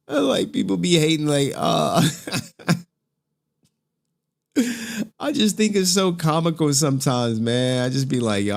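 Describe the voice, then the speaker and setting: A young man streaming live, chatting casually with slang and cursing, breaking into laughter often. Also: mid-range voice. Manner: laughs often, slangy and profane, slow drawl.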